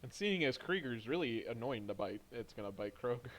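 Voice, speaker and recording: A man running a tabletop game, calling hits and damage in a dry, matter-of-fact way. His voice sits at a middling pitch for a man. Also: animated, fairly quick. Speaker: game master.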